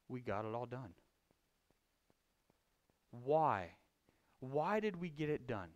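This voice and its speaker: A man preaching a conversational sermon, telling a folksy story with frequent restarts and swinging between loud emphasis and quiet confession. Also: medium pitch, sing-song, slow, long pauses, lo-fi sound. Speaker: lay preacher.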